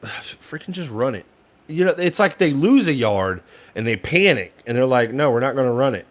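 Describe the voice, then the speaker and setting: A man's voice: mid-range voice, animated, fairly quick. A young man giving casual fan play-by-play commentary, frustrated and ranting at the play calling, sometimes swearing.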